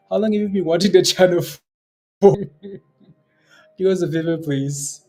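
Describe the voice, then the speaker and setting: A man hosts a live day trading stream, chatting casually and often joking and laughing as he reads viewer comments aloud. His voice is fairly high with a dark tone, he talks at a normal speed, and faint music plays behind him.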